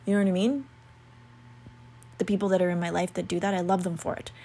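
A woman chatting casually about astrology, rambling and full of "like" and "you know", sometimes dropping into soft whispery asides. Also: fairly low pitch, steady tone, quick pace, husky. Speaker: astrology content creator. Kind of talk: casual chat.

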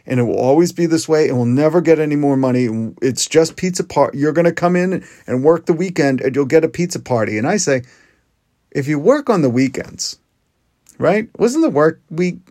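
A man's voice: mid-range voice, darkish tone, no echo, clean studio sound. A man hosting a podcast, talking in an earnest, conversational monologue that often restarts its sentences. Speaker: podcast host. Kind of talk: casual monologue.

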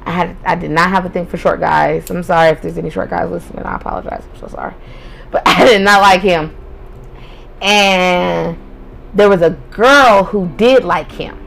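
A woman's voice: fairly low pitch, normal speed, creaky, fairly bright tone, low-quality recording. A young woman hosting a podcast, telling a personal story in a candid, profane way and laughing often. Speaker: podcast host. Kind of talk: casual storytelling.

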